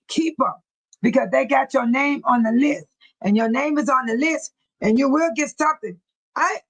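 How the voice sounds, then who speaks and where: A middle-aged Californian woman hosts a casual livestream from a room in her home near a bathroom, her voice notably high. She chats loosely and warmly, calls viewers by name, and laughs a lot. The recording quality is low.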